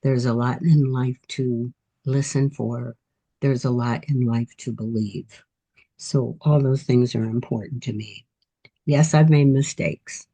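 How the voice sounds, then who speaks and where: Octogenarian woman author, husky and mellow voice, telling reflective, encouraging stories in a casual interview. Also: rumbling low, fairly even intonation, slow. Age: 80s. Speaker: author guest.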